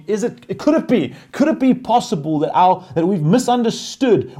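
A man preaching a sermon as pastor, animated, swinging between loud emphatic lines and hushed pastoral ones. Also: high-pitched.

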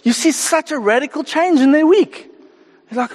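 A man preaching a sermon, animated, acting out the voices of the people he talks about. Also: very high voice, moderate pace, in a large hall. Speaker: pastor.

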